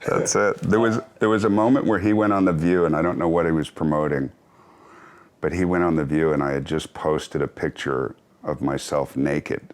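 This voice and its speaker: Deep-voiced man, wry and reflective. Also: normal speed, darkish tone. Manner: reflective, wry, self-deprecating, chuckling. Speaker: actor and author, interview guest. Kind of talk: candid conversational interview.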